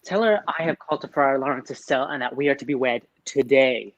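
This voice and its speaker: A woman's voice: extremely low pitch, a little fast, no room sound, muffled recording. A woman playing an earnest young male lover in a Shakespearean stage drama, declaiming. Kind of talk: Shakespearean stage acting over video call.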